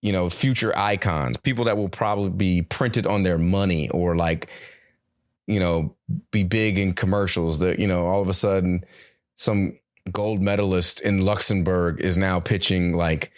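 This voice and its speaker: A low-voiced middle-aged man riffs alone on his podcast, drifting from topic to topic with a jokey, animated delivery. His voice sits close and dry, with no room sound around it. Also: no echo. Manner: rambling, jokey, animated, swears casually. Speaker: podcast host. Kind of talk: solo comedic podcast monologue.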